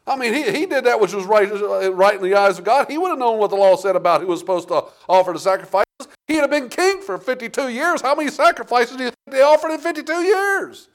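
A man preaching a sermon, reading King James scripture and calling out to the congregation, with big swings between loud and quiet. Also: very high-pitched, quick pace, hardly any pauses. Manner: animated preaching with big swings in loudness, asking the congregation "Amen?".

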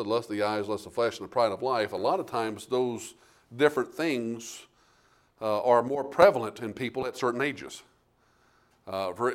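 A man preaching a sermon, reading King James scripture and calling out to the congregation, with big swings between loud and quiet. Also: medium pitch. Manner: animated preaching with big swings in loudness, asking the congregation "Amen?".

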